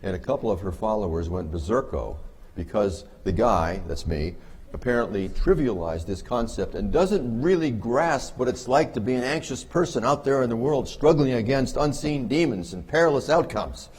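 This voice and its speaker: A man's voice: medium pitch, lively intonation, normal speed, a little mellow, breathy edge. A man giving a humorous conference lecture on behavior analysis, wry and joking with the audience. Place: conference hall.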